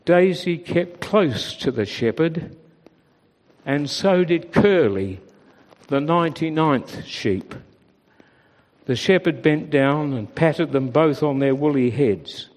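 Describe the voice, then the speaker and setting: Slow storytelling man in a church. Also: a little high. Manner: expressive, storybook voice. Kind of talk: reading a children's story aloud. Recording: reverberant church hall.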